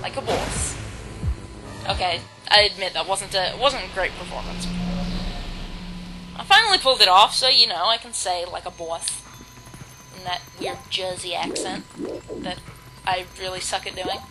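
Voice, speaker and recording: Woman, chatty gamer, rambling commentary, mid pitch, loud game music behind. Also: normal speed, rough recording. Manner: rambling, self-deprecating, chatty. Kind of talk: let's play commentary.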